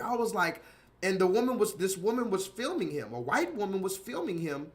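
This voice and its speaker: A man's voice: high voice, very animated, normal speed. A man hosting a casual livestream, rambling and repeating himself while reading out viewers' chat comments. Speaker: livestream host.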